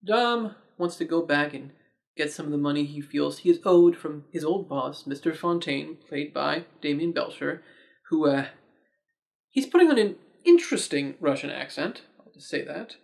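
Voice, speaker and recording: A man with a fairly high voice hosts his own movie review show. He talks casually and chattily, dropping wry, sarcastic asides as he goes. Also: expressive, normal speed, creaky. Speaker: movie reviewer, host of the channel.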